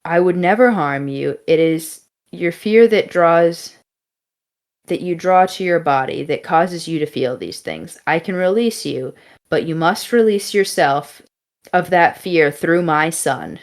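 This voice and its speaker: A woman voicing a calm, solemn disembodied voice in someone's head, speaking slowly and in measured phrases. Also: fairly low pitch.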